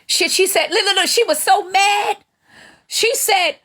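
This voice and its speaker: A woman's voice: very high voice, a little slow. A woman hosting a live stream, giving gleeful gossip commentary on other streamers. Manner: animated, gleeful, drawling Southern Black vernacular phrasing.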